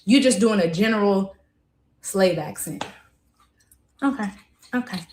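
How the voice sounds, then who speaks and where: A woman's voice: mid-range voice, darkish tone, a little hiss or hum. Emphatic woman commenting in a roomy room. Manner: emphatic, conversational, drawn-out stresses. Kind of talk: casual commentary to camera.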